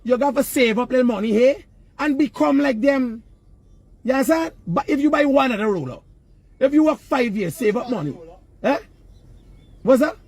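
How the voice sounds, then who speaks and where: A very high-pitched, animated man with a Guyanese accent speaks at normal speed with long pauses, his tone a little mellow and slightly rough. This vlogger stands outdoors near work sites, emphatically lecturing passers-by about work and money in casual, Creole-laced street talk.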